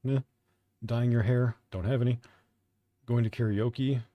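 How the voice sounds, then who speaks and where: A young man streams from home in a mid-range, steady voice, chatting casually and without hurry. He swears freely and pokes fun at himself in an offhand way. The audio is dull but has no echo.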